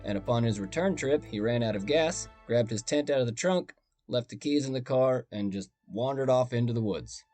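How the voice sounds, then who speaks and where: A man's voice: mid-range voice, normal speed, a little mellow, soft background music. A man hosting a storytelling podcast, talking in a conversational, wry and self-deprecating way. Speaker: podcast host and narrator.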